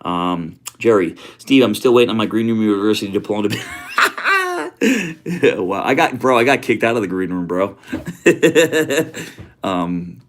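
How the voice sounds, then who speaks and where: A man's voice: fairly low pitch, quick pace. A man hosting a casual livestream from his home office, greeting viewers with easygoing slang. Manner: laid-back, greets viewers with slang like homie and brother. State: a bit out of breath. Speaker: livestream host.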